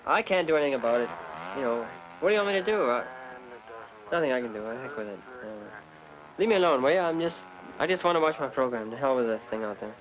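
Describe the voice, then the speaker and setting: A man's voice: medium pitch, lively intonation, fast, a little hiss or hum, close to an everyday voice. A man voicing a frustrated, grumbling everyman in a vintage cartoon, muttering under his breath. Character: grumbling middle-aged everyman, easily frustrated. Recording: dull old film soundtrack.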